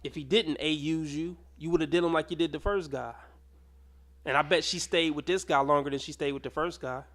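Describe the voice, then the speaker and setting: Male reaction host, fairly high voice, blunt, sarcastic, swears. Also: steady tone, brisk, fairly bright tone. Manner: blunt, mocking, swears freely. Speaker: commentator reacting to clips. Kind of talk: reaction commentary.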